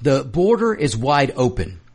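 A man's voice: mid-range voice, very animated, measured pace, a little mellow, husky. A man hosting a political commentary show, talking fervently and repetitively while addressing his audience directly.

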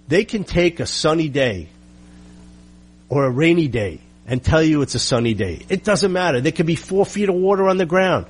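Man, husky, fairly high voice, combative, sarcastic political rant. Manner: sarcastic, combative, rhetorical questions. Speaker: political commentator. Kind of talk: ranting political monologue.

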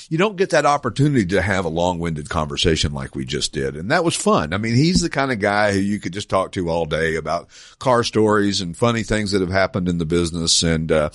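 A man hosting a car dealer's podcast in a relaxed, rambling way, chuckling often. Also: deep voice, fairly quick, no room sound, clean studio sound. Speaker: podcast host. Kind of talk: casual radio-style podcast chat. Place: small studio.

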